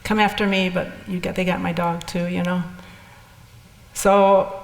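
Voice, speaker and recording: Older lady telling her story, gravelly and kinda flat, lots of hall echo. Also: fairly low pitch, unhurried. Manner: candid, rambling with restarts. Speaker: speaker sharing experiences. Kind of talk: personal storytelling talk. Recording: echoey hall with long reverb.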